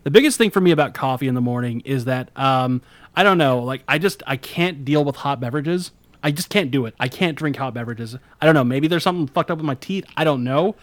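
A man's voice: medium pitch, quick pace, dry recording. A man co-hosting a podcast, chatting casually and rambling, with casual swearing. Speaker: podcast co-host. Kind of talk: casual chat.

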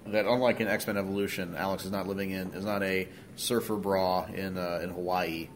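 A man's voice: low voice, flat delivery, brisk, slight background noise. A man co-hosting a podcast, chatting casually with hesitant fillers and restarts. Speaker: podcast co-host.

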